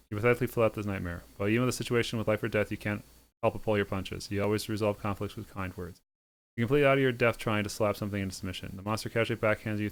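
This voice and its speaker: A man reading a visual novel aloud with sardonic, deadpan asides. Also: fairly low pitch, clean tone. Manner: sardonic, quick deadpan delivery with snarky asides. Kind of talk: reading game text aloud with comic asides.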